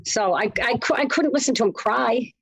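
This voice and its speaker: A woman's voice: fairly high pitch, normal speed, gravelly, fairly bright tone, slightly rough. A woman with a New England accent, co-hosting a call-in show, talking in a playful, teasing way. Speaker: co-host. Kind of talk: casual call-in show chat.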